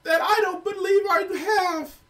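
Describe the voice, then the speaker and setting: A man putting on a whiny, nasal, squeaky voice to mock a male pundit. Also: steady tone, unhurried, a bit bright.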